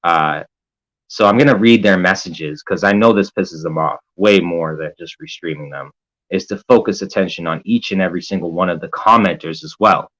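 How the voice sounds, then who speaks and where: A man chats casually on a live stream in a somewhat low voice. He reads viewer comments aloud one after another. His talk is loose and hesitant, with fillers and casual swearing. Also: moderate pace, a bit bright, poor audio. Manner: rambling and hesitant, full of fillers and profanity.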